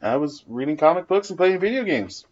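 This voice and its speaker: A man with a mid-range voice that swings widely in pitch trades sarcastic jokes on a casual comedy podcast. He laughs often and grumbles wryly. The recording sounds dull and lo-fi. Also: sing-song, brisk, a little mellow. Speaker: podcast co-host.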